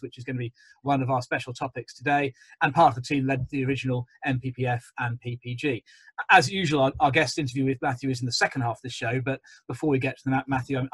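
A man's voice: medium pitch, breathy edge, no room sound, rough recording. A man in his forties, hosting a webinar panel on a video call in a genial, chatty way with frequent ums. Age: 40s. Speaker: webinar host.

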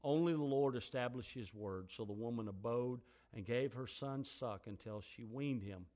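A man preaching a sermon. He reads scripture quietly and in a lower voice, then grows loud and high as he preaches on it. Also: moderate pace.

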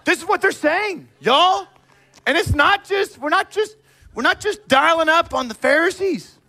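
High, bright-voiced animated preacher man. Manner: animated and emphatic, acting out people in quick asides; direct, calls out the congregation. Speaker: pastor. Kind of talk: sermon.

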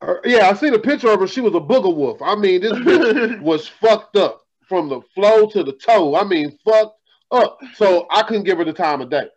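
A man hosting a podcast, telling profane stories in a casual, animated way. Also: high-pitched, moderate pace, muffled recording. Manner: profane, animated storytelling, laughing. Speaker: podcast host. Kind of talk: casual storytelling chat.

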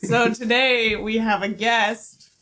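A woman's voice: on the high side, steady tone, slow, a bit bright. A woman co-hosting a comedy podcast, playful and often laughing. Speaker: podcast co-host. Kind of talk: casual comedy chat. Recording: noisy room with background chatter.

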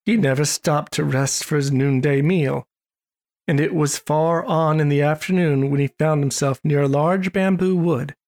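A narrator with a gravelly voice reading a storybook in a measured, expressive way. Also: mid-range voice. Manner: measured, expressive read-aloud.

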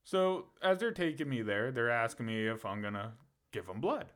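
Animated, profane male storyteller. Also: mid-range voice, moderate pace. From Pennsylvania. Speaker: podcast co-host. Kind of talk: casual storytelling.

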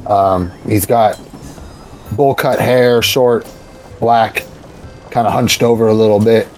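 A man narrating as game master of a tabletop game, unhurried with many pauses. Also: on the low side, fairly even intonation, darkish tone, faint music behind, rough recording.

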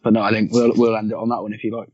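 A man's voice: lowish voice, little pitch movement, racing, a little mellow, slightly rough, no room sound. A man chatting casually about a film, laughing often and swearing freely. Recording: dull lo-fi sound.

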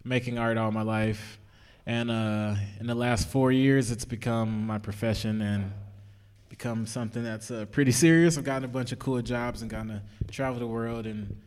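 A man's voice: medium pitch, little pitch movement, moderate pace, a little mellow, smooth, in a large hall. A man speaking as the guest artist at a live interview event, talking loosely and casually with fillers.

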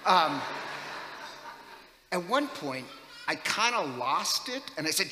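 A man's voice: sits high, big pitch swings, takes it slowly, pauses often, pushed and bright. A man giving a homily as a priest, telling stories in a chatty, joking way with many fillers. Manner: chatty, jokey, lots of fillers. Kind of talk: homily with storytelling. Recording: echoey church hall.

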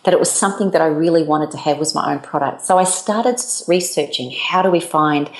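A woman's voice: deep voice, a little fast, reverberant. A woman from New Zealand, a business founder, telling her story as an interview guest and acting out the dialogue she quotes. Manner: animated, acts out quoted dialogue.

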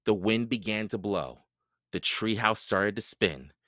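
A man reading a children's book aloud, narrating in a slow, expressive storytelling way. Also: fairly low pitch, dry recording, clean studio sound.

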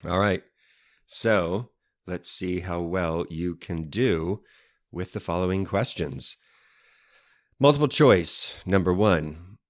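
A man's voice: deep voice, slow, long pauses, no echo, clean studio sound. A man co-hosting a casual chat show, playful and fond of fancy learned words. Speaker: podcast co-host.

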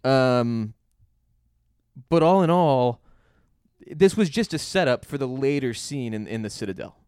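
A man's voice: mid-range voice, lively intonation, unhurried, a little mellow, clean tone, no echo, clean studio sound. A man co-hosting a podcast, chatting loosely about a TV episode with jokes and some swearing. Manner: loose, joking and profane. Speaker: podcast co-host. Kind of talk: casual chat recapping a TV episode.

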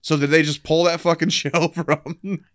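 A man co-hosting a podcast in casual chat, loose and profane, acting out scenes in quick voices. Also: a little high, flat delivery, fairly bright tone, no echo, clean studio sound. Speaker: podcast co-host. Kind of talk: casual chat about old sitcoms.

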